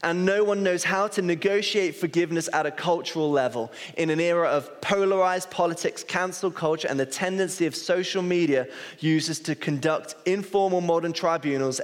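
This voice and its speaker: A man, an associate pastor preaching a sermon. He is earnest and pokes fun at himself as he tells family stories. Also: on the high side. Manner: earnest, self-deprecating storyteller. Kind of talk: sermon with personal storytelling. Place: church hall. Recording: long reverb of a large hall.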